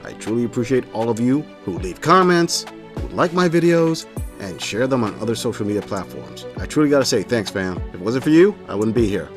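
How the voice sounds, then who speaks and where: Fast-talking sarcastic male commentator. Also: medium pitch. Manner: sarcastic, mocking. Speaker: commentary channel host. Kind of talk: reaction commentary.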